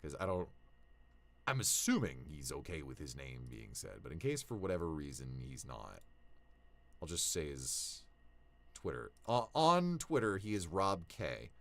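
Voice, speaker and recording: A young male voice actor talking casually to his viewers, animated, swinging between low mutters and excited shouts. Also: measured pace, creaky. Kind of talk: casual vlog talk.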